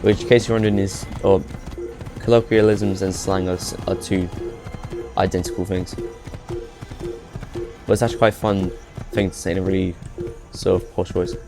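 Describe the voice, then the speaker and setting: Rambling let's-play host. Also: male voice, sits low, flat delivery, normal speed, long pauses. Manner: chatty, rambling, laughs at himself. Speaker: gaming video host. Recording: game music playing behind.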